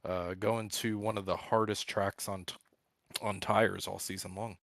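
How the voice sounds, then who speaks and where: Low-voiced, halting male co-host. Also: flat delivery, vocal fry, a bit bright, no room sound. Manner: loose, halting, many fillers. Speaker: podcast co-host. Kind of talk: casual livestream chat.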